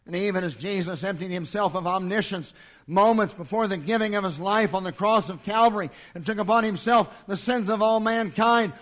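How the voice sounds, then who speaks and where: A man preaching a sermon, his voice sitting high for a man. He builds each line in a repeating cadence and swings from loud declarations to quiet, hushed passages. He speaks in a church.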